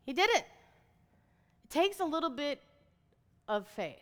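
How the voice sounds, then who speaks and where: A woman in her thirties, a motivational speaker, gives a chatty, animated, inspirational talk to an audience, saying "like" and "right?" often. Her voice is high and she takes it slowly, in a reverberant hall.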